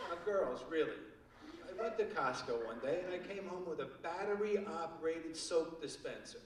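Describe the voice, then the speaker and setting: A man's voice: a little high, expressive, normal speed, noisy background. An older man doing a stand-up comedy set on a theater stage, telling wry stories with crude punchlines. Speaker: stand-up comic. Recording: echoey theater from far off, loud audience.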